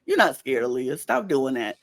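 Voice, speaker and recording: A woman's voice: rumbling low, big pitch swings, moderate pace. A woman co-hosting a casual podcast, recapping a reality show and acting out quotes in raised voices. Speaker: podcast co-host.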